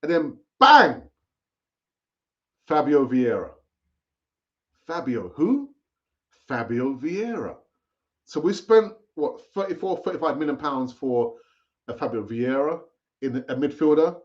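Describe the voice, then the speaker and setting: A man's voice: a little high, lively intonation, moderate pace. A man hosting a live football fan stream, chatting casually and repeating himself as he urges viewers to comment. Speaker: fan channel host. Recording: dull lo-fi stream audio.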